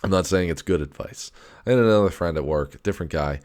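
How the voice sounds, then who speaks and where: A man with a very deep voice rambles through a casual solo rant. He swears freely, stacks up fillers and restarts his sentences often. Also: fast, darkish tone. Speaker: podcast host.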